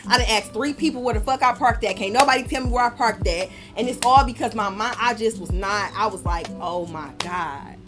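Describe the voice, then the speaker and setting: Young woman ranting, swears a lot, loud music under her. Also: on the high side, fast talker, few pauses. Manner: profane, animated storytelling with lots of swearing. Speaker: podcast host. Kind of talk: casual monologue. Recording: music playing behind.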